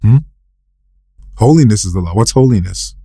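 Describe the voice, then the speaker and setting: In a dry, studio-quality podcast recording, a man with a mellow, breathy-edged voice and lively intonation preaches at a moderate pace. He asks and answers his own questions, repeats scripture quotes, and sharply lifts his pitch and volume for emphasis.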